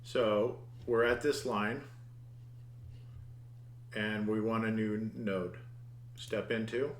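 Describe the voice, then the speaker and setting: A man's voice: fairly low pitch, fairly even intonation, takes it slowly, roomy sound, a little hiss or hum. A man teaching a programming lesson over his screen, thinking aloud, muttering at the code and restarting his words. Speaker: programming instructor. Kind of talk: screen-recorded coding lesson.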